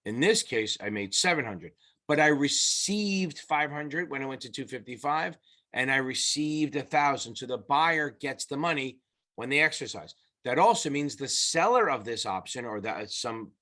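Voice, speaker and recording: Explaining at a whiteboard, a male tutor takes exam students through a casual, conversational lesson with restarts and an occasional curse. He speaks at medium pitch with a sharp tone.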